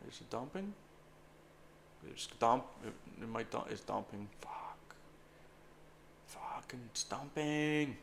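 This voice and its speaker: A day trader swearing and muttering anxiously to himself while trading live, breaking into sudden shouts. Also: male voice, mid-range voice, creaky, a little hiss or hum.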